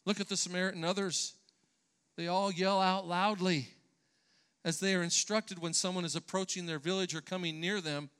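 A man's voice: sits high, fairly even intonation, moderate pace, fairly bright tone, smooth. A man preaching a sermon in church, earnest and emphatic, sometimes restarting his phrases. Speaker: pastor.

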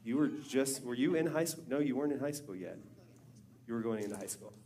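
A middle-aged man pastor talking casually with his daughters in a church talk, with relaxed restarts. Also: medium pitch, a little fast.

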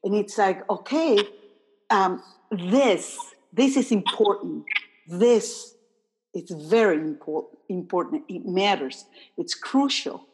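A woman hosting an interview, talking in a halting way as she searches for words. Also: medium pitch, animated, darkish tone, breathy edge. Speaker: podcast host. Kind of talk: casual conversation.

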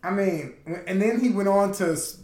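A man co-hosting a podcast in casual banter, swearing freely, laughing often and telling stories with animated quoted voices. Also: sits high, moderate pace. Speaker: podcast co-host. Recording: echoey room.

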